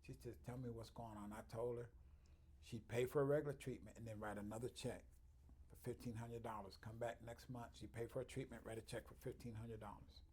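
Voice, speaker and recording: A chiropractor telling stories in an interview, acting out other people's voices and swinging from quiet to loud. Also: male voice, mid-range voice, steady tone, a little fast, slightly rough. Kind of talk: storytelling interview.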